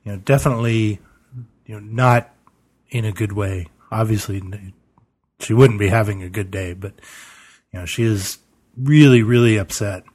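A man narrating a tabletop game as game master, halting and full of "you know" fillers. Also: on the low side, darkish tone.

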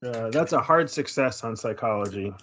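A man's voice: medium pitch, expressive, moderate pace, a bit bright, lo-fi sound. Dry, skeptical male player. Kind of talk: casual tabletop play.

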